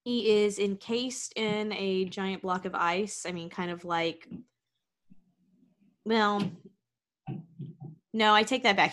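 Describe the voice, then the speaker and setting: A woman playing a character in an improvised tabletop game. Her voice is bright and sharp, and she answers with blunt, quick comebacks. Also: mid-range voice. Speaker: player. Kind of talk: improvised tabletop role-play.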